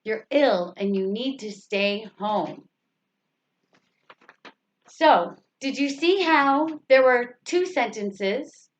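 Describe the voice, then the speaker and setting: Slow, high-voiced woman teaching grammar. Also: expressive. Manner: patient, repeats sentences and asks rhetorical questions. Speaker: English teacher. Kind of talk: slow grammar lesson explanation. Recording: slightly dull lo-fi recording.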